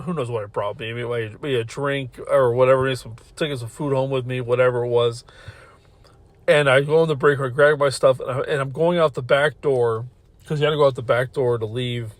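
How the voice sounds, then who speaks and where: A man's voice: a little high, no echo. A man hosting a podcast, telling a long personal story in a rambling, profane way, often restarting sentences. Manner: rambling, profane, self-interrupting, laughs while telling. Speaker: podcast host. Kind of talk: casual storytelling.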